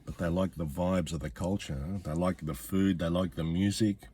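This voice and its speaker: A man's voice: sits low, steady tone, normal speed, mellow, a little hiss or hum. A man, a comedian ranting bluntly and swearing often, repeating his points for emphasis. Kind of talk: profane comic rant.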